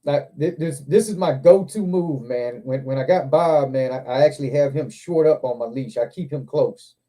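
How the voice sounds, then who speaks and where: Male host, casual livestream chat: very dark, mellow tone, profane, animated storyteller who acts out his own quotes. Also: mid-range voice, normal speed. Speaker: show host. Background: other men on a livestream hangout.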